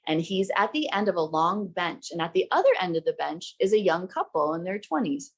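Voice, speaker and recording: A woman's voice: on the low side, expressive, brisk, slightly rough. A young adult woman hosting a podcast, telling a story in an emphatic, heated way and swearing freely. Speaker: podcast host.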